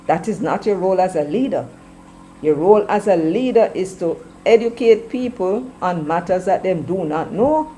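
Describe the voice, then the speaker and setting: Forceful Jamaican woman, warm low voice. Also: lively intonation, moderate pace, slight background noise, low-quality recording. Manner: forceful, preachy, mixes in patois. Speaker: commentator. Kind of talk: opinionated political commentary.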